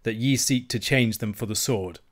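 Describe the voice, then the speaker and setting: A man doing a boastful rival Highland piper. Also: moderate pace, close to an everyday voice. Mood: needling. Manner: bold, boastful, coolly challenging. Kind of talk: audiobook character voice.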